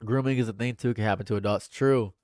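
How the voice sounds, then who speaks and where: A man chatting casually on a livestream, animated and laughing often, swinging between loud high bursts and low mutters. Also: fast, no echo, studio quality. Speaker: livestream streamer.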